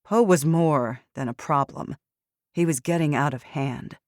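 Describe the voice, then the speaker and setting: Low-voiced woman narrating an audiobook. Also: no room sound. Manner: measured, steady storytelling. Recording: dry studio recording.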